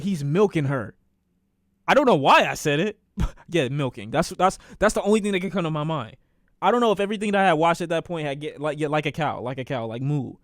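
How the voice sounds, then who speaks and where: Animated man telling a profane storytime. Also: fairly high pitch, dry recording, studio quality. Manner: animated, profane, repeats phrases for emphasis. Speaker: streamer telling a personal story. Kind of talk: casual storytelling.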